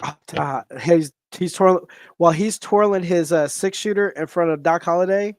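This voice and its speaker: A man co-hosting a laid-back podcast, spinning animated stories and acting out the voices of everyone in them. His voice sits fairly high for a man, and the recording is dry and close with no room sound. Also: normal speed, dry recording. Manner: animated storyteller, acts out quotes. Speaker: podcast co-host. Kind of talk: casual chat. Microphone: streaming podcast mic.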